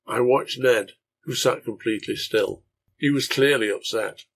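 A man narrating a translated serial novel in a measured storytelling reading. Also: mid-range voice, fairly bright tone.

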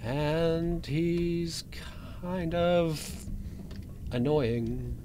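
A man playing a horror game for his channel, joking and taunting the monster he's hiding from, with sudden yells and laughs. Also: a little high, fairly even intonation, extremely slow, slight background noise. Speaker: gaming channel host. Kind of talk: let's play commentary.

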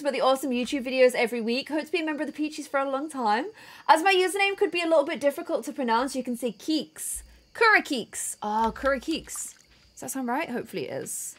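A woman's voice: sits high, expressive, a little fast. A woman hosting a casual gameplay video, chatting in a bubbly, giggly way. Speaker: gaming video host.

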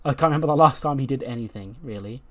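Jokey, rambling gaming commentator. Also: male voice, mid-range voice, fast talker. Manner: rambling, jokey, slangy storytelling. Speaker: gaming YouTuber. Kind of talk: casual let's-play commentary.

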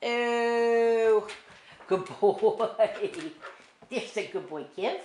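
A woman's voice: mid-range voice, drawn-out words, pauses often, a little mellow. A woman training her puppy at home, giving short commands and sing-song praise. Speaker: dog trainer. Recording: echoey room with background noise.

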